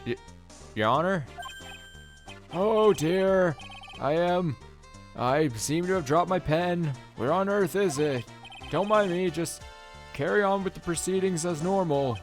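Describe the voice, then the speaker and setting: A man's voice: animated, takes it slowly, long pauses. A man voicing a timid elderly male judge in a raised, fussy, formal voice, over game music. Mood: flustered. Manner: high, flustered, formal.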